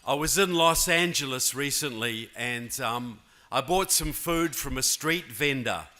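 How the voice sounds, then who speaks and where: Speaking through a handheld or podium mic in a big conference hall, a fifties-aged New Zealander gives a political convention keynote, regularly engaging the audience. He has a New Zealand accent and a medium-pitched, expressive voice that comes out a little slow, pushed and bright.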